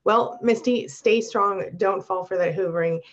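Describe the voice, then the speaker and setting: A woman coaching abuse survivors on a live stream, reading viewer comments and answering them with warm encouragement. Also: mid-range voice, normal speed, highs cut off.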